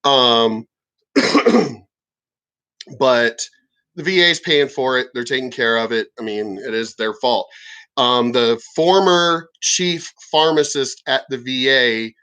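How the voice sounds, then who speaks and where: A man, a military veteran, rambling in a casual vlog monologue, swearing often, restarting sentences and clearing his throat. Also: medium pitch, slow, long pauses, bright, forceful tone.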